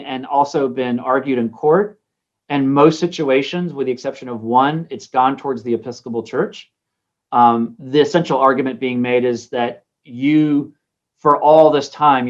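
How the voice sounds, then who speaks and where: Bishop giving a chatty informal lecture. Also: male voice, mid-range voice, muffled recording. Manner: conversational, many ums and restarts. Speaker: bishop teaching a class.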